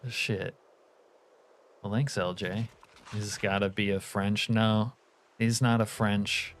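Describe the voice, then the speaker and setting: A man's voice: on the low side, little pitch movement, takes it slowly, slight background noise. A man streaming a game live, chatting casually with his viewers in a joking, profane way. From California. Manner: joking, profane banter with chat.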